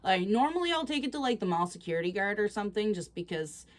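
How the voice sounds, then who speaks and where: A chatty, excitable woman casually reacting to posts on her vlog, quick to laugh. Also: mid-range voice. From Canada. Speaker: reaction channel host.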